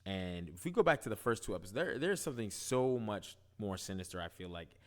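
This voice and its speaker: A man casually recapping and reviewing a TV episode, animated, asking "right?" often. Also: on the low side, brisk. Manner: animated, retells scenes, quotes characters, frequent "right?". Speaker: show reviewer.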